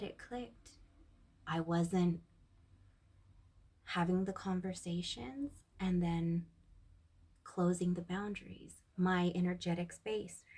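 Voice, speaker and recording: A woman talks slowly and softly in a heartfelt personal monologue, recorded on her phone indoors. Her voice is husky and often slips into a breathy near-whisper. She stays at a middle pitch for a woman. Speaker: vlogger.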